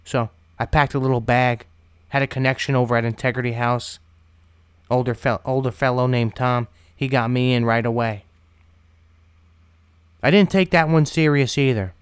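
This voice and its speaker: A man's voice: medium pitch, steady tone, moderate pace, long pauses, smooth, no room sound. A man candidly telling his own story of addiction and recovery, in a blunt, casual way with some swearing. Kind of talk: personal recovery testimony.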